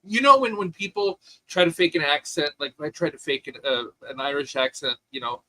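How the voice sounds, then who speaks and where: A man co-hosting a casual podcast chat, his voice bright and somewhat high. He talks in an opinionated, animated way, often restarting his sentences, and the sound is dry and close. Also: fast talker, few pauses, dry recording, poor audio. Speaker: podcast co-host.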